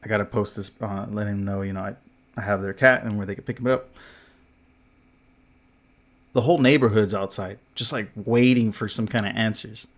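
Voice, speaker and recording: A man's voice: fairly low pitch, fairly even intonation, a little fast, long pauses. A man co-hosting a podcast, telling a story in casual chat, full of fillers, swearing and laughter, acting out what others said. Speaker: podcast co-host.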